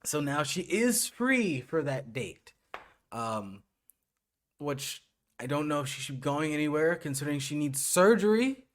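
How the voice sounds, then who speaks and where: A man co-hosting a podcast, recapping a show in casual chat and acting out quotes in low mumbles. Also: sing-song, unhurried. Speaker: podcast co-host.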